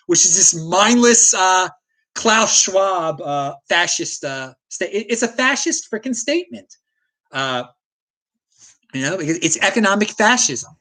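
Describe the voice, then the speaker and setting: A man's voice: high-pitched, sing-song, normal speed, bright, forceful tone. An American man hosting a solo livestream, ranting with strong opinions and reading chat comments aloud. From United States. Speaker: livestream host.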